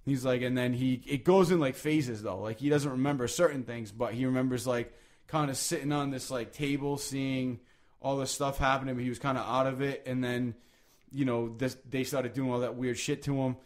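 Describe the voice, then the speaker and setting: A man hosting a podcast, talking casually and at length, with many restarts, lively emphasis and frequent swearing. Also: mid-range voice, moderate pace. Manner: rambling, animated, swears freely, many restarts. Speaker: podcast host.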